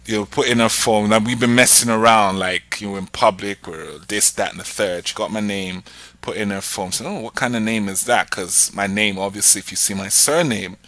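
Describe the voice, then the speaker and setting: A young man co-hosting a podcast, chatting casually and telling lively stories with acted-out quotes. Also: lowish voice, moderate pace. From Nigeria. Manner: animated storytelling, acting out quoted voices. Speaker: podcast co-host. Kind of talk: casual chat.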